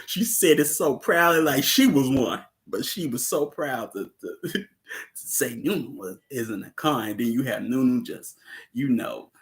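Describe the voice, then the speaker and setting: A man's voice: medium pitch, lively intonation, measured pace. A man hosting a casual livestream about a film, laid-back, laughing often and chatting with viewers. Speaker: host discussing a film.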